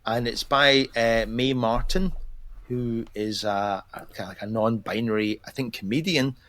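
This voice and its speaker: A man's voice: mid-range voice, steady tone, unhurried, fairly bright tone. Chatty man laughing through his recommendations. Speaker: podcast co-host. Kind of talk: casual chat.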